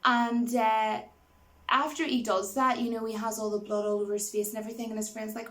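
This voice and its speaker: A woman's voice: fairly high pitch, little pitch movement, fairly quick, a bit bright. A woman giving a casual spoken movie review, rambling with many fillers and laughing easily as she retells scenes.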